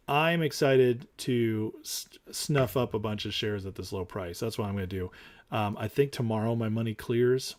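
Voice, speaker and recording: A man hosting a casual livestream, reading viewer comments and talking in an emphatic, rambling way. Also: fairly low pitch. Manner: rambling and emphatic, with fillers and restarts. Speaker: livestream host.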